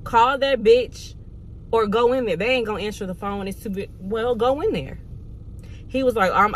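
A woman's voice: mid-range voice, fairly bright tone, slight background noise. A young woman from Georgia, telling a candid, profane storytime vlog with exasperated asides. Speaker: vlogger.

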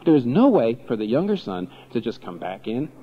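A man preaching a sermon as pastor, animated and full of rhetorical questions. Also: mid-range voice, normal speed, slightly rough, highs cut off.

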